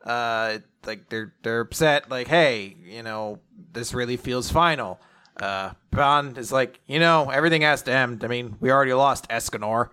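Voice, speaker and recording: A man with a middle pitch and a bright, forward voice hosts a casual podcast. He runs through comic chapters in a loose, filler-heavy way, now and then cursing when he loses a name. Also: moderate pace, clean tone. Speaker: podcast host. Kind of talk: casual chat recapping comics.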